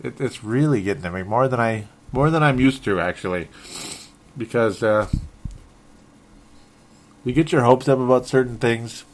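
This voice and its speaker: A man's voice: medium pitch, moderate pace, pauses often. A man hosting a solo sports talk show, frustrated and rambling, often correcting himself and chuckling. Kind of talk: solo sports podcast commentary.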